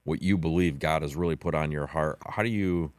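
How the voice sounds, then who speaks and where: A man hosting a podcast, asking halting questions and giving short affirmations. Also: rumbling low, no room sound. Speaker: podcast host. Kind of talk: interviewer, casual questions.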